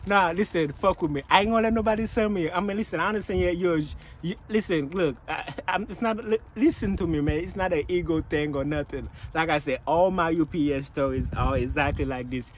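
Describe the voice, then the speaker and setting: A man's voice: fairly high pitch, a little fast, hardly any pauses, a little hiss or hum, rough recording. Profane, fired-up man venting. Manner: profane, repetitive, animated storytelling. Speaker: vlogger, package handler. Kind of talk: casual venting monologue.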